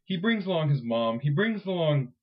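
A man's voice: fairly high pitch, big pitch swings, normal speed, highs cut off. A man co-hosting a podcast, chatting casually in a rambling, self-interrupting way and laughing often. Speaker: podcast co-host.

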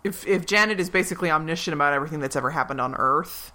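A woman co-hosting a podcast, talking casually, arguing her points with wry, deadpan jokes. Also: deep voice, very fast. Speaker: podcast co-host. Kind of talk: casual chat.

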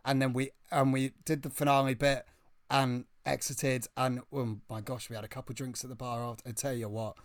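A man with a British accent telling a story in casual chat, excitable and breathless, often restarting his sentences. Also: mid-range voice, no echo, clean studio sound.

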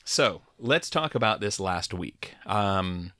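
A man's voice: fairly low pitch, expressive, slow pace, sharp tone, no room sound, studio quality. A man co-hosting a podcast, casually steering the chat with questions. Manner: easygoing, steers the talk with questions. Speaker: podcast co-host.

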